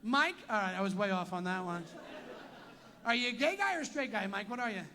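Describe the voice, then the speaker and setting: A man's voice: high voice, expressive, fairly quick, pushed and bright. A man doing profane stand-up crowd work, teasing audience members in a tent venue. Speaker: stand-up comedian.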